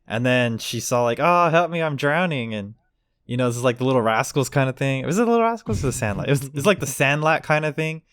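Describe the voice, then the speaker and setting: A man's voice: mid-range voice, fast talker, no echo, clean studio sound. A man co-hosting a casual podcast, rambling through a story and acting out the quotes. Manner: rambling, acts out quotes with voices. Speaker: podcast co-host. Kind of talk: casual chat.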